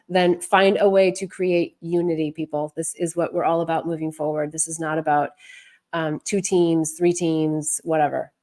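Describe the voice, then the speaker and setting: A woman's voice: lowish voice, darkish tone. A woman hosting a live advice session as an intuitive advisor, speaking candidly and encouragingly.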